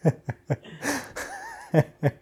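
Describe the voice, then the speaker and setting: A man's voice: very high voice, huge pitch swings, very slow, a little mellow, husky. A man hosting a podcast, giving casual, rambling commentary over a film and joking to himself. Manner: rambling, jokey, talks to himself. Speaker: podcast host.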